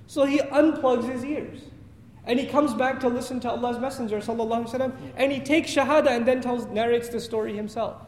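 A man preaching a sermon in a mosque, telling a story with lively acted dialogue and chuckling at his own lines. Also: very high voice, fast. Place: mosque prayer hall. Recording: echoey hall with faint noise.

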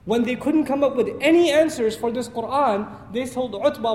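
A man delivering a storytelling sermon in a mosque prayer hall, his voice strikingly high. He acts out the dialogue with animated energy. The sound rings with a long, roomy echo over faint background noise. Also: normal speed. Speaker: preacher.

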